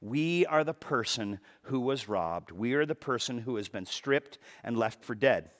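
A male pastor preaching a sermon with animated delivery, dropping to hushed tones and rising to loud emphatic bursts, often repeating words for emphasis. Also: mid-range voice, measured pace. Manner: repeats words for emphasis, breaks into quoted dialogue.

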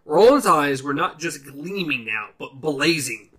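Male co-host, high and bright, animated reader with chatty asides. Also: unhurried, hardly any pauses, husky. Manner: animated, reacts and chuckles between passages. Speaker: co-host reading a novel aloud. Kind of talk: reading a novel aloud with casual commentary.

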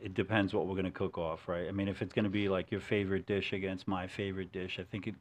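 A man with a somewhat low voice talks casually on a podcast. He tells stories animatedly, stumbling and restarting, and slips into quoted voices. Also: fast talker. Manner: animated storyteller, many restarts. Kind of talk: casual chat.

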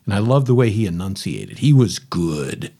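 A middle-aged man with a slightly husky voice, telling a personal story as a podcast host and repeating key phrases. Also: on the low side, sing-song, normal speed, mellow.

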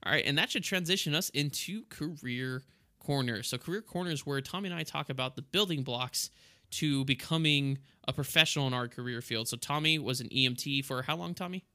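A man, an airline pilot co-hosting a podcast, explaining jargon in relaxed chat and laughing easily. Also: medium pitch, brisk.

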